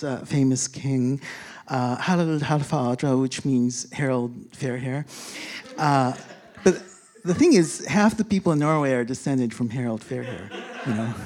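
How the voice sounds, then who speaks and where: Speaking at a medium pitch with a darkish tone, a storyteller shares a rambling travel anecdote from a trip abroad. This big-city resident fills it with fillers and restarts, chuckling while telling it and acting out what others said.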